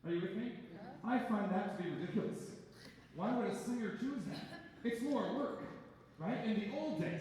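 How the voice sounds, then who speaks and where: A man coaching a chorus through a vocal warm-up in a chatty way, often checking in with "right?". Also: sits high, slight background noise. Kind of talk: rehearsal coaching. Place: large echoey rehearsal hall. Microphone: distant room recording. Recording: echoey hall recorded from far off.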